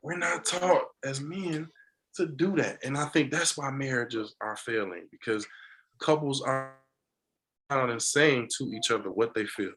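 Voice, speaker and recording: Animated, laughing man telling stories. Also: mid-range voice, unhurried, low-quality recording. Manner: animated storyteller who laughs often and acts out quotes. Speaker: podcast guest, barber. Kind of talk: casual podcast conversation.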